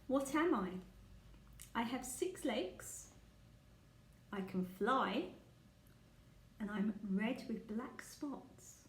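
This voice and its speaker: A woman's voice: fairly high pitch, expressive, extremely slow, pauses often, a little hiss or hum. A woman leading a guessing game for young children, speaking patiently and asking the listener questions. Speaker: children's teacher. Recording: echoey room.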